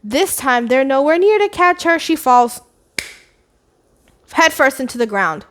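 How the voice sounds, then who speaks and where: A woman's voice: sits high, measured pace, slight background noise. Chatty woman rambling about a book. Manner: animated, chatty, with sarcastic asides. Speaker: book vlogger. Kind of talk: casual, rambling plot retelling.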